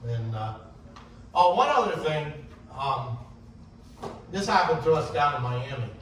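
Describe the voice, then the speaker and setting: A man with a fairly high voice gives a casual sailing lesson, telling stories and mimicking rivals who shout at him. He sounds far from the mic, in a very echoey room with faint hiss underneath. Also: sing-song, unhurried. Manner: anecdotal, acts out shouting sailors in quotes. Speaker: sailing instructor. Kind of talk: casual classroom talk on racing rules.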